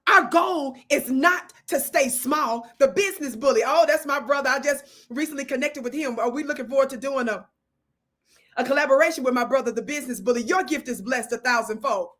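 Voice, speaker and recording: A woman with a high voice and hosts a live stream. She talks in a preacher-like way, reads out comments from her chat and calls blessings down on her viewers. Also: brisk, fairly bright tone. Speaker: livestream host.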